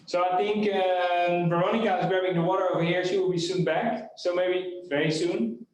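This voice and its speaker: Man cupping coffee, slightly high voice, relaxed with fillers, very echoey room. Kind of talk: live online coffee cupping chat. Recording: echoey room with faint noise.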